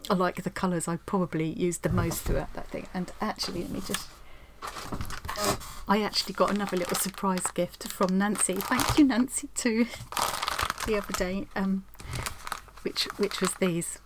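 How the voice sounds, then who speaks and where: A woman's voice: mid-range voice, fairly even intonation, moderate pace, background noise. A woman chatting at home in a craft vlog, rambling and effusive, often restarting her sentences. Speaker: craft vlogger. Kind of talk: casual chat while opening post.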